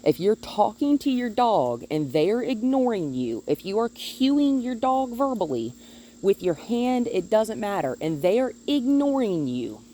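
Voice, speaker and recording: A woman dog trainer filming outdoors on a phone held in one hand, calmly explaining her methods and now and then talking to the dog in a high sing-song voice. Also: measured pace, a little hiss or hum. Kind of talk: instructional dog-training video. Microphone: phone held in one hand while filming.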